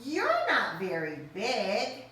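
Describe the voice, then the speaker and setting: A woman voicing a tiny, nervous mouse in a squeaky, high storybook voice. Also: huge pitch swings, slow, sharp tone, full character voice. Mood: timid. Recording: roomy echo, mic at a distance.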